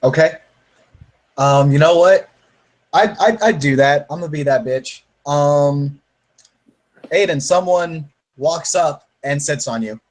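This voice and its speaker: A man's voice: on the high side, takes it slowly, pauses often. A man chats casually during a tabletop game. He jokes loosely and restarts his sentences with stammers. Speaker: player.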